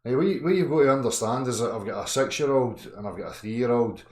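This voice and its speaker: A man in his thirties ranting angrily on a live chat, profane, swinging from low muttering to shouting. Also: expressive, quick pace, echoey room. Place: indoor room.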